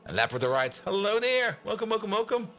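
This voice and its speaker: A man's voice: high voice, very animated, fast talker, a bit bright, soft background music. A man with a German accent chatting and laughing through a game stream. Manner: rambling, laughs often, talks to chat. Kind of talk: casual gaming commentary.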